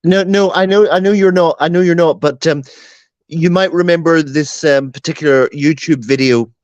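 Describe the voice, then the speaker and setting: A man's voice: a little high, normal speed, a little mellow, no echo, highs cut off. A man co-hosting a casual chat, telling wry, teasing stories. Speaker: co-host.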